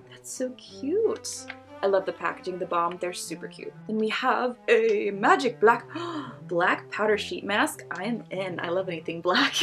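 A young woman vlogger casually unboxing beauty products, gushing and giggling as she reads labels aloud. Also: medium pitch.

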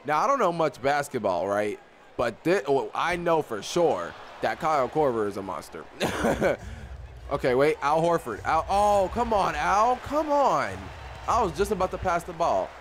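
A young man giving casual live commentary on his own basketball video game, excitable and often repeating himself as he talks to the players on screen. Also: on the high side, moderate pace, a little hiss or hum. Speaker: gaming YouTuber.

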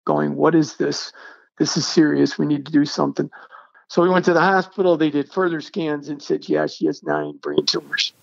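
A middle-aged man, a podcast guest, telling a personal story in an earnest, halting way and acting out the dialogue. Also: a little high, creaky, dry recording. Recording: dull, dry lo-fi sound.

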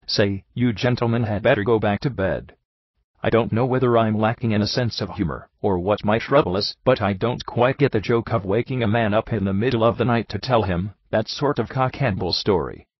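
A man voicing a cheery young man of the house who talks in a breezy, slangy way, with a husky voice. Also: fairly low pitch, fairly quick, no echo, muffled recording. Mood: annoyed. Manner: breezy, slangy, then huffy. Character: cheery young host, easily annoyed.

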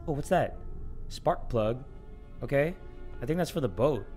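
A young man with a sore throat giving jumpy, joking commentary on a horror game, breaking into sudden shouts. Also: mid-range voice, moderate pace, faint music behind. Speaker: gaming channel host.

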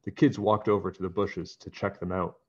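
A man narrating a children's book aloud in a plain, even storytelling manner. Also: deep voice, normal speed, muffled recording.

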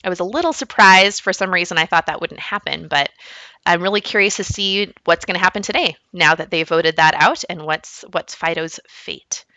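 A woman's voice: fairly low pitch, moderate pace, sharp tone, dry recording. A woman reading a children's book aloud as a teacher, narrating expressively. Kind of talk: storybook read-aloud narration.

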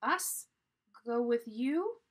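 A woman's voice: high voice, animated, measured pace, voice pushed up. A woman reading a storybook aloud and voicing an eager, bold young girl. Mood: excited.

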